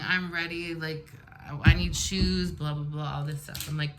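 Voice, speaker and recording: Speaking at a normal speed with few pauses, this forties-aged vlogger has a lowish, slightly bright voice. She vents bluntly and with energy as she applies makeup for a get-ready-with-me storytime, and there's a little background noise.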